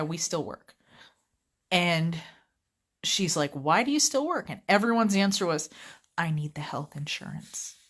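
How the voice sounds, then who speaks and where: A woman's voice: on the low side, fairly bright tone. A woman giving a chatty, rambling vlog rant about her customer service job. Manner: chatty, rambling, easily sidetracked. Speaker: vlogger, customer service rep.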